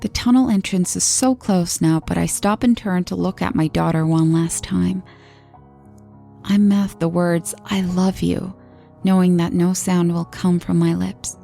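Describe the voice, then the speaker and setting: Gravelly, dark-voiced woman telling a horror story. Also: fairly low pitch, a little slow, soft background music. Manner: steady, earnest storytelling. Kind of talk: scripted horror narration.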